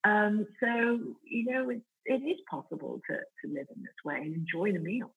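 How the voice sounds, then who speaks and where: A woman's voice: medium pitch, animated, normal speed, narrow, tinny audio. A middle-aged woman with an Italian accent, talking enthusiastically as a podcast guest, with lots of fillers and restarts. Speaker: guest, food company founder. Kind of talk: casual podcast interview.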